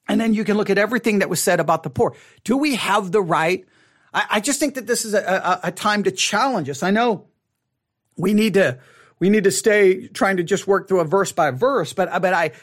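A man leading a conversational Bible study, halting and restarting, asking rhetorical questions. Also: high-pitched.

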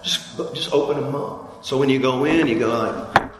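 A man's voice: moderate pace, noisy background. Man preaching in an echoey hall. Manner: conversational preaching with call-and-response, pitch climbing high when fired up. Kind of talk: sermon. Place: church hall. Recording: echoey hall with long reverb.

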